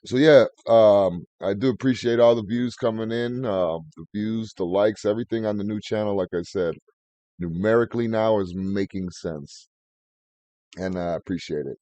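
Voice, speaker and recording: A man's voice: lowish voice, moderate pace, dark tone, no echo, dull audio. A man hosting a podcast in casual, crude, rambling banter. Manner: profane, jokey, rambling. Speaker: podcast host.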